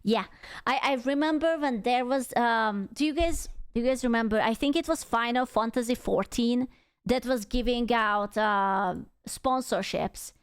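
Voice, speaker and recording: A woman streamer reacting to videos, furious and profane. Her voice sits a little high and stays smooth and clear as she rants. She speaks slowly, leaning hard on each angry phrase. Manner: profane, heated ranting. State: angry and upset. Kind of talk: casual reaction commentary.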